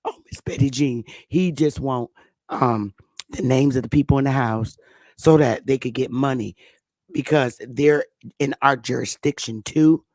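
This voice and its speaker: A man voicing a local male guide who calmly explains a stranger's visit to his neighbors. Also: mid-range voice, a little slow, no room sound, pitched below the performer's own voice, lightly acted. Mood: reassuring.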